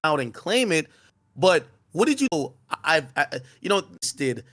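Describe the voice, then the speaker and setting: A man's voice: a little high, very animated, moderate pace, fairly bright tone. A man interviewing a guest on a casual stream, stammering through his questions with many restarts.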